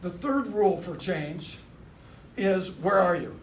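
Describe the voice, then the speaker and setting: A man with a high-sitting voice and lively intonation speaks slowly, picked up from far off the mic with a little hiss or hum. In a dealership meeting room, he coaches car salespeople with a motivational sales talk, delivering punchy lines and rallying the crowd into call-and-response.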